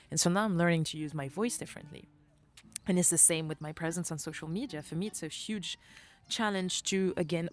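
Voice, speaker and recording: Solo podcast host, young woman with a French accent, lowish voice, expressive and sweary, mixes in French. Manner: animated, swears often, slips into French phrases. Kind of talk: reflective solo podcast monologue.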